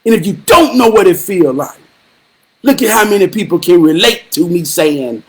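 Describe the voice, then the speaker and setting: A man hosting a live stream, giving a profane, preachy monologue with rhythmic repetition and occasional shouted bursts. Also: high-pitched, expressive, moderate pace. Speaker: livestream host.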